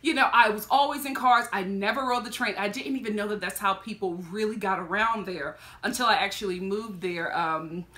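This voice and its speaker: Animated, bright-voiced woman vlogger. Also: mid-range voice, brisk, few pauses. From Philadelphia, USA. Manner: animated, laughs often while telling stories. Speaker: reality TV reaction vlogger. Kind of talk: casual storytelling commentary.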